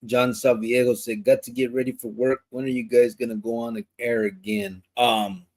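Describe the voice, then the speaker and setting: A man hosting a live podcast, reading viewer comments aloud and chatting in a relaxed, loose way full of fillers and restarts. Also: mid-range voice, normal speed. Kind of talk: casual live-stream chat.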